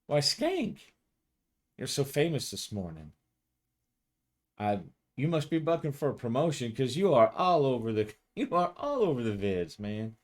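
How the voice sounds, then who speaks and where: A man's voice: mid-range voice, very animated, voice pushed up. A man voicing a brash, teasing senior female police officer who talks in a sing-song mocking way, in a solo tabletop game. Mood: taunting. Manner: sing-song taunting, drawn-out.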